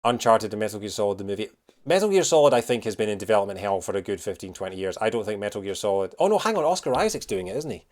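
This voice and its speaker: A man's voice: fairly low pitch, lively intonation, rapid-fire, a little mellow. Rambling male streamer reading chat. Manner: rambling, reads chat, many fillers and restarts. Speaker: streamer reacting to news. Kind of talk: casual live-stream chat.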